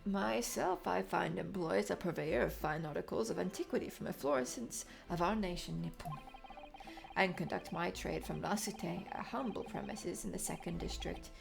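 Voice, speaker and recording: Woman voicing a rambling old curio merchant, low and pompous, game read. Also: normal speed, creaky, over music, poor audio. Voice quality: pompous, long-winded. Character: gravelly old male antique dealer, pompous and rambling.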